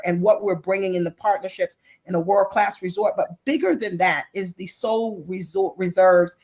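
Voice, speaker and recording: A woman at a middling pitch, talking over a video call as a guest on an interview show. She speaks with earnest, faith-driven conviction. She often circles back, restarting phrases and repeating words as she builds her point. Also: a little mellow, poor audio. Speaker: guest author and business executive. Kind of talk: impassioned interview talk.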